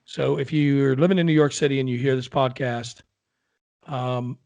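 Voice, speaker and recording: A man's voice: mid-range voice, steady tone, moderate pace, vocal fry, darkish tone. A man co-hosting a podcast, telling jokes in a rambling, self-correcting way. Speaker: podcast co-host. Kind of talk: casual joke-telling chat.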